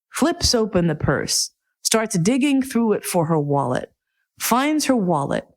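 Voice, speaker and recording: A middle-aged woman telling a personal story in a casual, profane, comic way, jumping into loud quoted inner outbursts. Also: on the low side.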